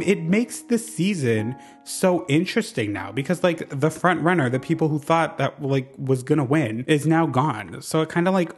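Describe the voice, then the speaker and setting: A man hosts his channel with casual gameplay commentary, sassy and gossipy in tone. He swears freely and swings between loud bursts and low mutters.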